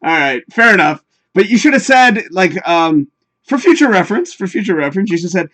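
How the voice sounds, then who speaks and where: A man's voice: sits high, very animated, brisk, a bit bright. A man hosting a livestream show, chatting casually, swearing freely and reading viewer comments aloud with jokey advice. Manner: profane, chatty, laughs often, reads viewer comments aloud.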